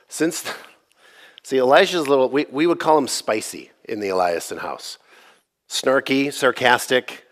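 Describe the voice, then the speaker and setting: A middle-aged man pastor preaching a sermon, telling the story with lively, sarcastic quoted lines and occasional laughs. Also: mid-range voice, moderate pace.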